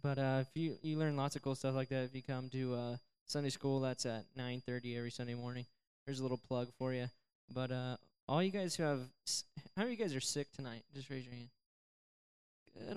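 A young adult youth pastor with a slightly high, clean voice speaks briskly in a church service. He gives a casual sermon to a live group, chatting and joking through a story and slipping into silly voices for the characters.

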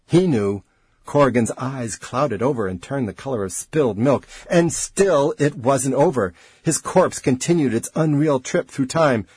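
Expressive male audiobook narrator, husky and breathy, dry close sound. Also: mid-range voice, dry recording.

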